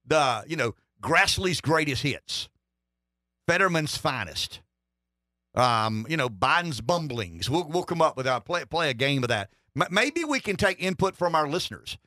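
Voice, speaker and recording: A man's voice: fairly high pitch, very animated, normal speed, bright, forceful tone, dry recording, clean studio sound. A middle-aged man hosting a political talk radio show, rambling and wry, with lots of restarts. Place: radio studio.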